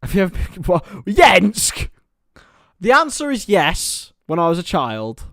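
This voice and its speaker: A man's voice: sits high, wildly swooping pitch, normal speed, bright, forceful tone, dry recording, studio quality. A young man hosting a live stream, casually commenting on a football match and chatting with viewers by name, laughing often.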